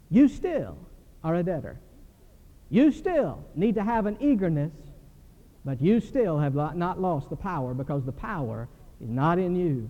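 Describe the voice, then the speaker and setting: An older man preaching a sermon in a church, animated and telling stories. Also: high-pitched, a little fast. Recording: dull recording with long hall reverb.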